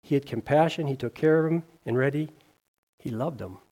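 A man preaches a sermon at a brisk pace, reading scripture aloud with small slips and restarts and putting questions to his listeners. He's earnest, lifting his voice on key phrases and scripture and letting it fall soft and low at line ends.

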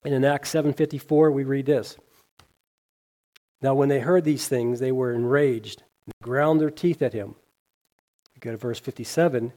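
A man delivers a sermon, reading scripture aloud with small slips and restarts and putting questions to his listeners. His earnest voice climbs on key phrases and scripture, then sinks soft and low as each line ends. He keeps a moderate pace with long pauses.

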